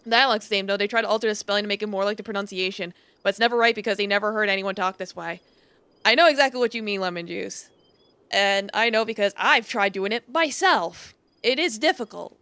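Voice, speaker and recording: A woman's voice: mid-range voice, quick pace, a bit bright, clear, resonant tone, no echo. A woman streamer chatting with viewers and reading a game aloud, giggly and chatty. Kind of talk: casual gaming commentary and reading aloud.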